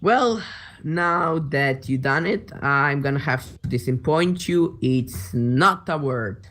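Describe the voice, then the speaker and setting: A man from former Yugoslavia chatting about a game, halting and searching for words as he talks. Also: fairly high pitch, fairly bright tone. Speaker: co-host translating unit names. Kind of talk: casual gaming chat.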